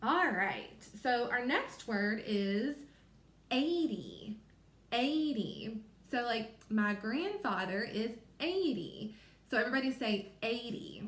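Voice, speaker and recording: In an echoey room, a woman with a Kentucky accent teaches first graders to read, her voice on the high side, animated and fairly bright. She sounds out each letter slowly and clearly.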